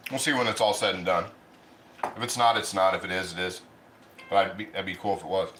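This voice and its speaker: Chatty male stream host, mouth half full, bright sharp voice, roomy sound with faint hum. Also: low-pitched, steady tone, fairly quick. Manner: chatty, rambling, eats while talking. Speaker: livestream cooking host. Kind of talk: casual livestream chat.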